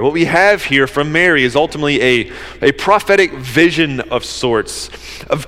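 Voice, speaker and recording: A man's voice: on the high side, fairly bright tone. A man preaching a sermon, earnest and conversational, at times rising to fervent emphasis. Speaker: pastor. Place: church service. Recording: long reverb of a large hall.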